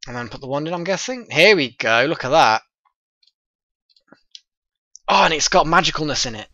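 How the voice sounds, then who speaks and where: A man casually commenting on his own gameplay, thinking aloud in a chatty, excitable way. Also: mid-range voice, moderate pace, no room sound, highs cut off. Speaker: let's play host.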